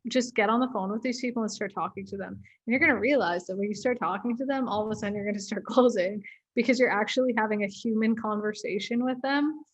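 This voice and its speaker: A woman speaking as a guest in a casual interview, relaxed and laid-back, with many fillers. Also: medium pitch, quick pace, low-quality recording.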